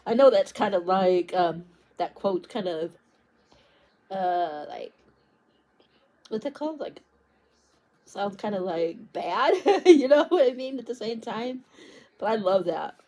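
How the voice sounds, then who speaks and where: Woman vlogger, mid-pitched, loose chatty ramble, trips over words; fine for a casual book chat. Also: lively intonation, takes it slowly, pauses often, dark tone. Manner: rambling, many fillers and restarts, stumbles over words.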